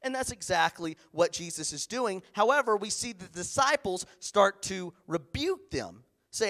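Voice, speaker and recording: A man preaching a sermon as pastor in a church, animated, acting out the voices of others. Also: high voice, measured pace, creaky, hardly any pauses.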